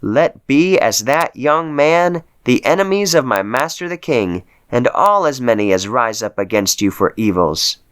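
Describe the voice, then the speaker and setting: A man's voice: mid-range voice, very animated, unhurried, hardly any pauses, fairly bright tone, smooth, no room sound. A man reading aloud, voicing a dutiful male messenger addressing a king formally and deferentially.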